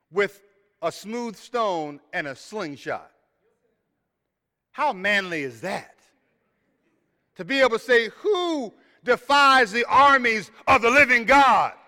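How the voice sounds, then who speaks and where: A man preaching a sermon in a reverberant hall, his voice sitting high and sounding bright. He speaks slowly and earnestly, repeating key phrases and acting out the voices he quotes. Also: smooth. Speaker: pastor.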